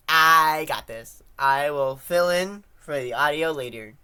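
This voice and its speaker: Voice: medium pitch, lively intonation, unhurried, bright, forceful tone, a little hiss or hum. A game streamer doing a let's play voice-over, reading the rookie lawyer lines in a nervous voice and joking between them.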